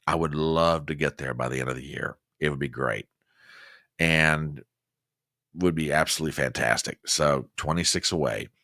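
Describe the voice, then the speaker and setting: A man's voice: rumbling low, normal speed, bright, forceful tone, no echo, studio quality. A man hosting a casual news commentary livestream, folksy and chatty as he talks straight to his viewers. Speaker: host.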